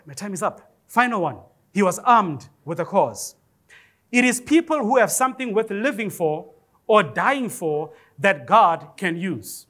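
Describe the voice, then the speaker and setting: High-voiced preacher man, animated. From Africa. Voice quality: high-pitched voice. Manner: animated preaching with rising exclamations and humor. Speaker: pastor. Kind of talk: sermon. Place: church.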